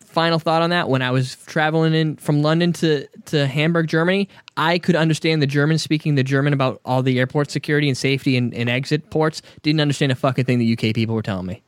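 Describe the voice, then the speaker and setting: A man's voice: a little high, fairly even intonation, fast, hardly any pauses, clear, resonant tone, no room sound, studio quality. A man hosting a casual podcast, talking in a loose, profane, joking way. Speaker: podcast host.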